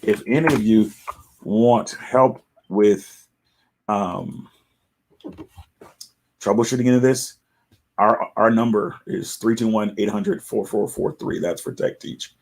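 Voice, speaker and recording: A middle-aged man hosting a casual live talk, chatty and animated, sometimes mimicking callers in a raised voice. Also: lowish voice, slow, long pauses. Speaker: host.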